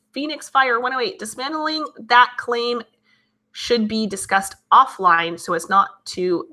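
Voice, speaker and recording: A woman's voice: fairly high pitch, sharp tone. A woman in her thirties, hosting a live stream, reads chat messages and chats casually in a giggly, emotional way. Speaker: livestream host reading chat.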